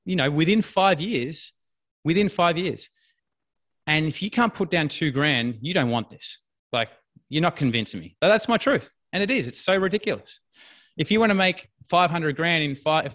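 A business coach speaks in a casual interview. He is blunt and emphatic and hammers his points home by repeating them. His voice is bright and forceful. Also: medium pitch.

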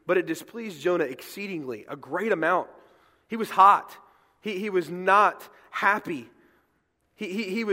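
A man preaching a sermon as pastor, fast and emphatic, often repeating words as he pushes ahead. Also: sits high, a bit bright. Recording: long hall reverb.

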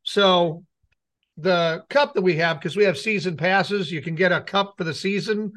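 Speaking at a normal speed in a high, fairly bright voice, a middle-aged man co-hosting a talk show wanders through a personal anecdote. He performs the quoted lines as he goes, keeping the chat casual.

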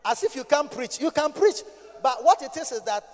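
A Ghanaian man preaching a sermon as pastor, moving between low talk and loud sing-song shouts. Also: lively intonation, normal speed. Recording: hall reverb.

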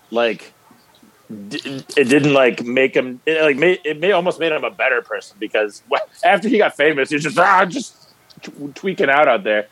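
A man with an average-pitched voice chats on a podcast. He talks in a halting way, restarting and stretching out his thoughts as he goes. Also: a bit bright, dry recording, rough recording. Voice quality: hesitant, halting, drawn-out. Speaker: podcast co-host. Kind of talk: casual chat.

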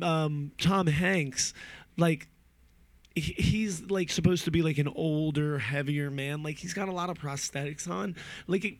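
A man in his thirties from New Jersey goes on a casual, rambling rant. He packs it with fillers and swears freely. His voice sits a little high and sounds dry and close. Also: dry recording. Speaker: movie reviewer.

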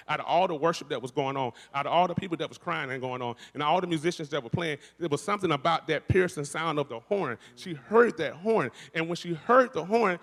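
A man's voice: fairly high pitch, fast talker, hardly any pauses. A man giving a spirited church testimony with a preacher's cadence, repeating and restarting phrases as he builds up. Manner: energetic, repetitive preacher cadence with frequent restarts. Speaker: worship musician and speaker. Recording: long reverb of a large hall.

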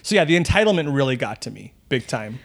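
A man chatting casually on a podcast, telling stories and acting out scenes with animated, laughing delivery. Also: mid-range voice, quick pace, vocal fry. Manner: animated storyteller, acts out scenes. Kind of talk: casual chat.

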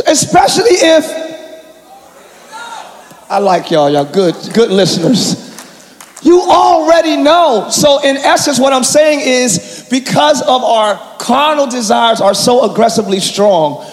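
Man, pastor, preaching loud, high-pitched, long church reverb, congregation behind. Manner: shouting, preaching with call-and-response to the congregation. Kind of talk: sermon. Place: large church hall with congregation. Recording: echoey church hall, live crowd.

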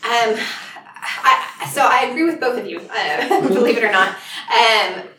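A woman's voice: on the high side, lively intonation, measured pace, sharp tone. Chatty woman author, roomy distant sound. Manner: chatty, laughs often, many restarts. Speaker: author guest. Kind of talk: casual conversation. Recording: roomy audio from a distance with faint noise.

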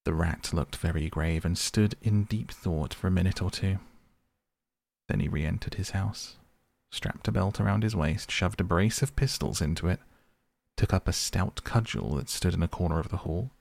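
Deep, gravelly male storyteller. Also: normal speed, darkish tone, no room sound. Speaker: narrator. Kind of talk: storybook reading.

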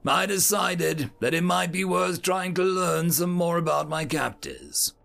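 A man voicing a blunt, proud male alien soldier who talks in a gruff, clipped military way. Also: high-pitched, a little slow, a bit bright, faint music behind, exaggerated voice.

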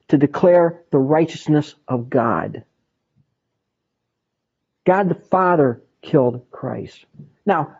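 A man's voice: a little high, mellow, breathy edge. A man teaching a Bible study in an emphatic way, repeating words for stress. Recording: dull lo-fi recording.

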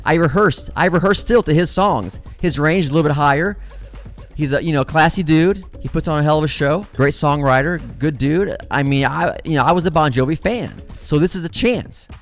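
A middle-aged man spins a casual story in a slightly high voice and swears freely as he goes. He talks straight to his listeners and calls them guys. Faint music plays underneath. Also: a little fast. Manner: animated, profane, addresses listeners as guys.

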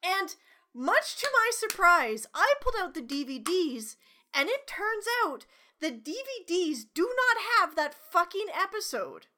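A woman's voice: very high voice, very animated, unhurried, sharp tone. A woman co-hosting a podcast in casual chat, ranting animatedly with lots of swearing and laughter. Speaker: podcast co-host.

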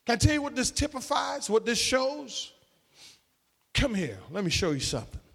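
A man's voice: very high voice, big pitch swings, moderate pace, creaky, husky. A man preaching a sermon in an emphatic, call-and-response way, with folksy slang.

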